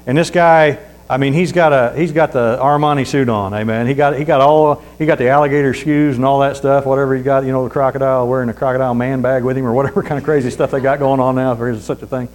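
A man's voice: medium pitch, steady tone, a little mellow, poor audio. A man preaching a sermon in a folksy storytelling way, reading scripture aloud and dropping in amens. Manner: reads scripture aloud slowly.

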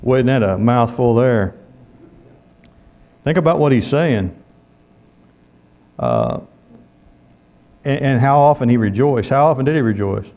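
A man's voice: mid-range voice, lively intonation, unhurried, gravelly, pauses often, darkish tone. A man preaching a sermon in a folksy way, calling out amen often.

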